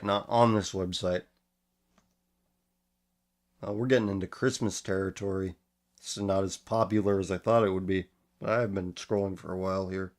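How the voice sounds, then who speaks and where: A man's voice: low voice, moderate pace, long pauses. A man hosting a casual commentary show, reading posts aloud and mocking them with sarcastic, profane remarks; he is losing his voice. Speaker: host.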